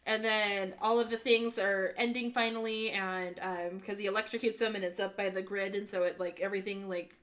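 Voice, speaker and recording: A woman co-hosting a podcast, recapping a movie in casual chat, animated and laughing, acting out quick quotes. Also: medium pitch. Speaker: podcast co-host.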